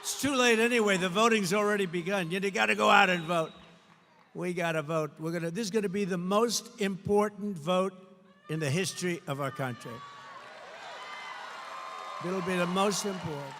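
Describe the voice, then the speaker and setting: Older male candidate at a rally podium, high gravelly voice, long hall reverb. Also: normal speed, a little hiss or hum. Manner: repetitive, emphatic, sometimes shouting. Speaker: political candidate. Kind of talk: campaign rally speech. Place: large rally venue, indoors. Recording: long hall reverb, faint crowd ambience.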